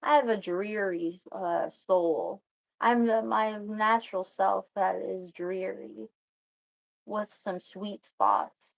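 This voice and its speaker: A woman's voice: medium pitch, fairly even intonation, takes it slowly, gravelly, lo-fi sound. A woman telling a personal story in a meandering, self-interrupting way, often laughing and stopping to restart her sentences.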